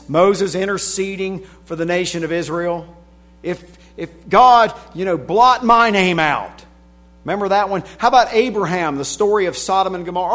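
A man preaching a sermon, reading scripture aloud and swinging from hushed passages to shouted emphasis. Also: high-pitched. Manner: reads scripture in King James wording.

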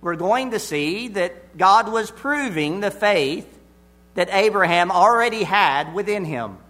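A man preaching an expository sermon, deliberate and emphatic, repeating his key phrases. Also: sits high, animated, sharp tone.

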